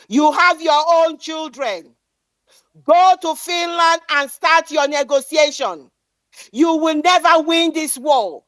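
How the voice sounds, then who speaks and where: A woman's voice: high voice, a little slow, a bit bright, dry recording. A woman giving an impassioned political speech, defiant and declamatory, repeating lines for emphasis. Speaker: speaker at an online activist meeting.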